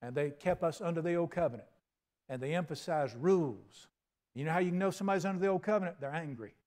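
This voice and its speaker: An older man preaching a sermon, folksy and storytelling, acting out little dialogues and swinging from soft to loud. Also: on the high side, fast talker. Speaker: pastor.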